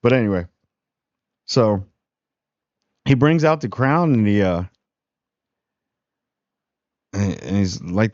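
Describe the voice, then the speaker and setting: Low-voiced laid-back man reviewing a show. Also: lively intonation, a little slow, pauses often, a little mellow, no echo, highs cut off. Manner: rambling, slangy, laid-back. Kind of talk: casual spoiler review.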